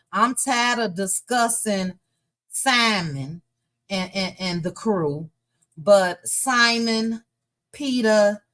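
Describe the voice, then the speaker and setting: Slow-talking woman hosting gossip chat. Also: mid-range voice. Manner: chatty, reads viewer comments aloud. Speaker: gossip show host. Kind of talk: casual livestream chat.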